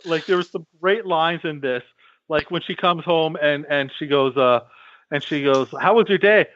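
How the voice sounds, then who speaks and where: A man's voice: a little high, fairly even intonation, moderate pace, fairly bright tone, no echo. A man co-hosting a podcast, rambling as he retells film scenes in casual chat. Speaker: podcast co-host. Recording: dull, dry lo-fi podcast mic.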